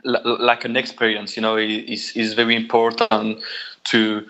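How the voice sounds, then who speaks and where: A Belgian man with a French accent, a guitarist chatting in an interview, halting and repeating words, laughing often. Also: lowish voice, completely flat delivery, a bit bright, lo-fi sound. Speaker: guitarist guest. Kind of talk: casual interview chat.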